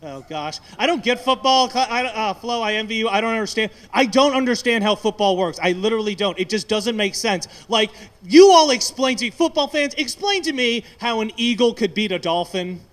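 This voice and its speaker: A man with a high voice performs a stand-up set at an open mic. He rambles, mocks himself and curses freely. He is on a handheld mic in a small brewery taproom. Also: lively intonation, brisk, few pauses, a bit bright. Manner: self-deprecating, rambling, swearing. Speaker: stand-up comic.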